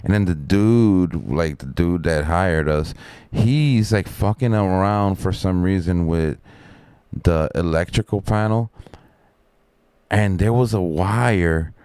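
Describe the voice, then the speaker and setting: A middle-aged man rambling through a profane story on a casual live stream, with lots of fillers and a sharply higher voice when he quotes other people. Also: takes it slowly, darkish tone, smooth, dry recording. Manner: raises pitch sharply when quoting others.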